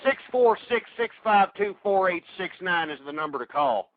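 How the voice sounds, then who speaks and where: His voice is high with lively intonation and a normal pace, and the recording has no room sound, though it comes across tinny like phone-style radio. He's a call-in talk radio host in an angry political rant, insulting listeners and stammering through restarts.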